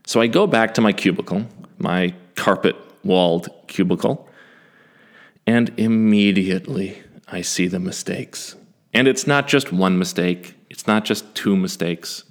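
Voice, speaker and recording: A man in his forties telling a first-person story in a self-deprecating, animated way, with some swearing. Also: low voice, a little slow. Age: 40s.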